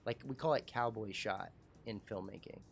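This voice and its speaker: A man's voice: lowish voice, moderate pace, creaky, a little hiss or hum. A man hosting a casual livestream talk show, rambling, profane and self-mocking.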